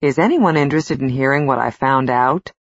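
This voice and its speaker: A woman's voice: very deep voice, fairly quick, dry recording. Woman voicing a confident man laying out a theory. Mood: assured. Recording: slightly dull, dry studio recording.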